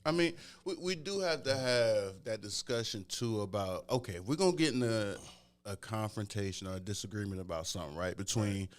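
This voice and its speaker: A man co-hosting a casual podcast chat in a filmed studio, animated and quick to laugh. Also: lowish voice. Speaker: podcast co-host.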